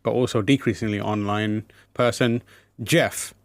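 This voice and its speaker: A man's voice: on the low side, steady tone, measured pace, no room sound. Rambling, playful podcast host, a man. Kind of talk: casual chat.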